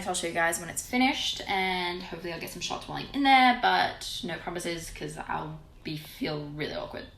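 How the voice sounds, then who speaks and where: A woman's voice: on the low side, pushed and bright, a little hiss or hum. A young woman in her late teens chatting casually to a phone camera, bubbly and rambling, filling her talk with "like". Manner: bubbly, rambling, says "like" constantly. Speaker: beauty vlogger.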